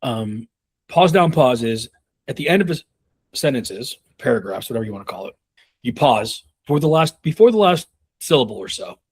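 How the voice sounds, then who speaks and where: A man's voice: mid-range voice, very animated, normal speed, husky. A man in his thirties coaching on a call, casual and rambling, with many fillers and restarts. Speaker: sales leadership coach.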